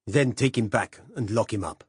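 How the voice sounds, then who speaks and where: A man's voice: on the low side, normal speed, breathy edge, no echo, clean studio sound, voice pushed up. A man voicing an angry, out-of-breath East German police squad leader who barks curt orders in an audiobook. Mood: curt commands.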